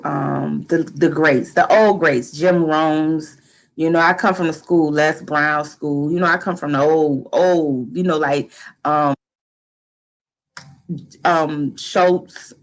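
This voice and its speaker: A middle-aged woman hosting a live motivational talk, lively and animated, acting out excited quotes. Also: low voice, vocal fry, poor audio. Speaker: motivational live-stream host.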